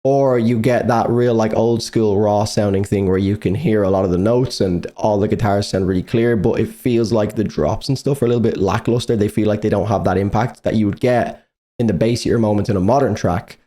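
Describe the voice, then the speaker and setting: Brief: male reaction host, low mellow voice, candid rambling review chat with casual swearing, slightly slurred speech. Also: fairly even intonation, brisk. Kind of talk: casual album review talk.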